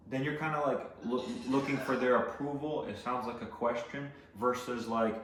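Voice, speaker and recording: A man's voice: medium pitch, steady tone, normal speed, few pauses, a little hiss or hum. A man giving casual sales training, rambling with many fillers and restarts. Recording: echoey room, voice from a distance.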